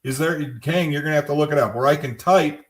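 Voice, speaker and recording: A man trades banter on a podcast, his voice a little higher than most. He jokes and pokes fun at himself in easy, casual chat. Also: fairly quick. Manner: joking, self-mocking. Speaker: podcast co-host.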